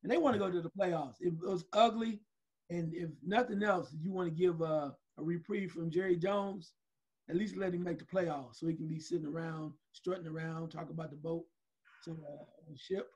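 A husky, high-pitched man co-hosts a casual sports talk show. He jokes in an animated way, and his voice sounds breathy and rough. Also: moderate pace. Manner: animated, joking storyteller. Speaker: co-host.

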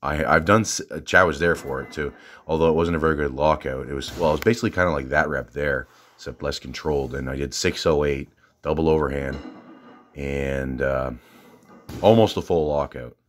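Southern guy, extremely low voice, halting and filler-heavy, chatty gym vlogger. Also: a little hiss or hum. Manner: rambling, halting, lots of fillers and restarts. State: out of breath. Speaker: fitness vlogger. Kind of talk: casual rambling gym vlog.

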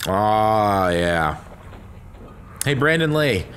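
Brief: male game commentator, bright forceful tone, lively swings, crude loud outbursts, faint background hiss. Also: on the low side, drawn-out words. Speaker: gaming commentator. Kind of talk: let's play commentary.

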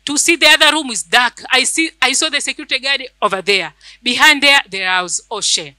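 A woman's voice: high-pitched, fairly quick, sharp tone, no echo, rough recording. A woman church elder, preaching a fervent sermon and telling a personal testimony, repeating phrases for emphasis.

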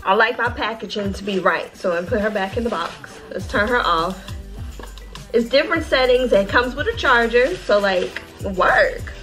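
An excitable woman with a fairly high voice narrates a casual unboxing vlog from home, gushing and calling her viewers "y'all." Her chatter bounces along eagerly. Soft music plays faintly underneath. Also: moderate pace. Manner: bubbly, excitable, talks straight to viewers as "y'all". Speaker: beauty vlogger.

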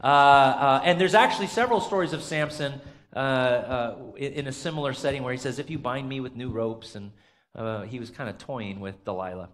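A pastor in a church sanctuary runs an interactive Bible trivia quiz with his congregation, chatty and full of fillers. His medium-pitched voice is brisk and fairly bright, with slight background noise and long church reverb.

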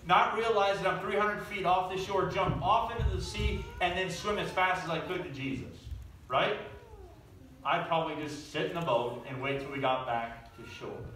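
A man's voice: high voice, sharp tone, a little hiss or hum. A man preaching a sermon, telling the story animatedly and asking the audience questions. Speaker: pastor. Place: church sanctuary. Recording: echoey room, from far off.

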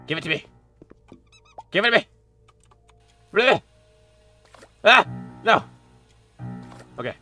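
Excitable male gamer with a lively voice. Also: medium pitch. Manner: excitable, yelps and shouts at the game. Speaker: gaming YouTuber. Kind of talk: horror game playthrough commentary.

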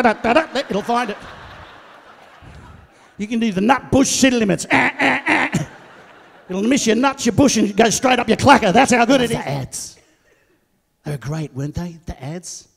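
Middle-aged guy doing stand-up on a big theatre stage, high voice, loud and animated, long echo off the hall. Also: creaky. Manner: loud, animated, shouting punchlines and playing quoted voices. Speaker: stand-up comedian. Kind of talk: stand-up comedy routine. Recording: live theatre with long reverb.

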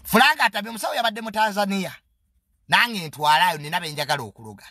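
A Ugandan man delivers a mocking, boastful comedy monologue with English words dropped in. His voice sits fairly high and swings widely in pitch, with a sharp, forceful edge. The sound is dry and close. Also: expressive, fast, dry recording.

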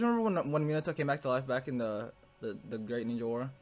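A young man reacting to an anime episode in casual commentary, emotional and swearing, swinging from low muttering to loud outbursts. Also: animated, fairly quick, faint music behind.

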